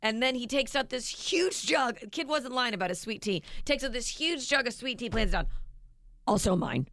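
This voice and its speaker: A woman co-hosting a radio show, telling a family story in lively casual banter and acting out each person in it. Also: fairly high pitch, brisk, dry recording. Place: radio studio.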